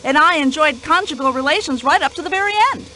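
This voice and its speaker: A woman's voice: high-pitched, expressive, fast talker, bright, forceful tone, a little hiss or hum, poor audio. A woman voicing a talkative, indignant older widow in a radio play, speaking. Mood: gossipy. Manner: indignant, chatty, complaining.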